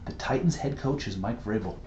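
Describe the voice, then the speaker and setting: A man's voice: on the low side, fairly quick, noisy background. Rambling podcast man, roomy dull sound. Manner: rambling, animated storyteller who laughs easily. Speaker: podcast co-host. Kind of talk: casual podcast chat.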